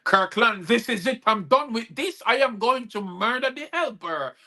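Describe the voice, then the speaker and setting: A man's voice: medium pitch, little pitch movement, measured pace, fairly bright tone, natural voice. A man voicing a furious, betrayed young wife who speaks in heated outbursts. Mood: raging. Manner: heated, threatening, patois-tinged outbursts.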